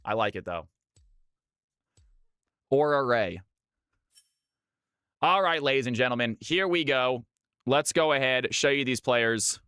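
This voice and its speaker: Live on stream, a Californian man provides upbeat esports play-by-play, chatting directly with his viewers. His medium-pitched voice is animated, bright, forceful, and smooth at a moderate pace, captured in clean, dry studio sound.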